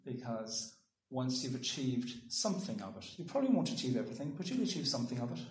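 A man's voice: medium pitch, big pitch swings, darkish tone. Reflective man speaking in a roomy hall. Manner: thoughtful, halting with ums and restarts. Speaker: speaker giving a talk. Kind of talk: reflective public talk with poetry reading. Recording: roomy echo.

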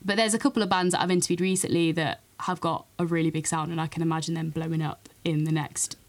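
A woman with a slightly low voice chats casually on a podcast as a remote guest. She talks with enthusiasm, fillers and easy laughs. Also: level tone, fast talker. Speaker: guest presenter. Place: remote video call.

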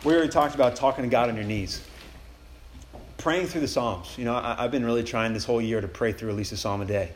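A man speaking at a retreat, telling Bible stories in a casual, animated way with slangy asides. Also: medium pitch, quick pace, a little hiss or hum. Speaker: campus ministry speaker. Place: retreat meeting room. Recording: echoey room with faint ambience.

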